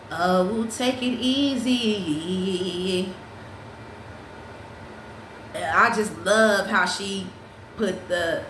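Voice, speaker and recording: A woman hosting a casual chat, talking in an animated, profane way, restarting her sentences and breaking into sung snippets. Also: on the low side, a little hiss or hum. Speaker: podcast host. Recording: roomy echo with faint ambience.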